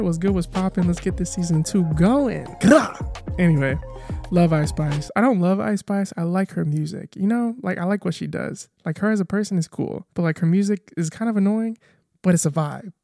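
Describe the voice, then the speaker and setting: Young podcast host, loose playful solo chat, rapid rambling delivery, relaxed mellow tone. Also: mid-range voice, gravelly. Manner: rambling, talks very fast; playful, jokes at own slips.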